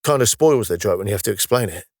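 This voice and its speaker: A man's voice: lowish voice, expressive, quick pace, dry recording, clean studio sound. A man voicing a frail older British man, newly woken, who jokes in a plain down-to-earth way. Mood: chatty. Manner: joking, down-to-earth, breathless.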